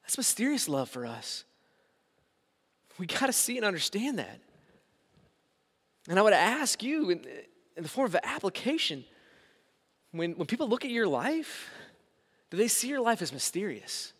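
A man's voice: sits high, very animated, normal speed, pauses often, a bit bright, husky. A man preaching a sermon as pastor in a church sanctuary, with emphatic swings in volume. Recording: reverberant hall sound.

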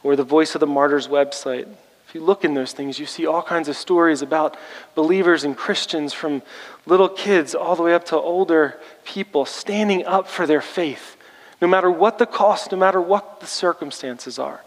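Preaching at normal speed in a big hall, a man delivers a sermon captured with poor audio. His challenge to the congregation becomes rallying and emphatic, pushing higher in pitch and force.

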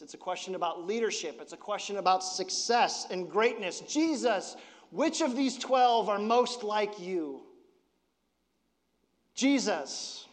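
A man preaches in a loose, conversational way. His fairly high voice jumps up in pitch and force when he acts out quoted lines. His voice rings out in a church sanctuary with a long reverb tail. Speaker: pastor. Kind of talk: sermon.

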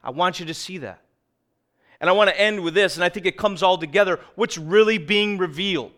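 A middle-aged man preaching a sermon as pastor, earnest, sometimes dropping low and quiet for emphasis, sometimes telling lively stories. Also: a little fast. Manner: animated storytelling with acted quotes.

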